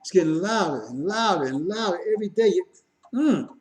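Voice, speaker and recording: A man's voice: high-pitched, lively intonation, fairly quick, darkish tone, low-quality recording. Sarcastic preaching man. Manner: mocking, sarcastic and emphatic. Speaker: religious commentator. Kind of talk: preaching critique monologue.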